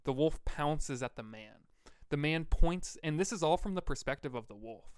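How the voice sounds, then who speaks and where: A man from Vermont co-hosting a podcast, telling stories in a rambling, relaxed way with lots of fillers. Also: on the high side, moderate pace, clear, resonant tone, dry recording, studio quality. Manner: rambling, laid-back storyteller with fillers. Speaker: podcast co-host. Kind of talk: casual storytelling chat.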